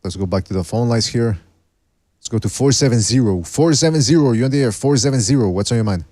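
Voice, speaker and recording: A man's voice: mid-range voice, animated, fast, warm tone, no echo, studio quality. A man hosting a casual call-in boxing show, often laughing and stumbling over his words. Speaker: podcast host taking calls.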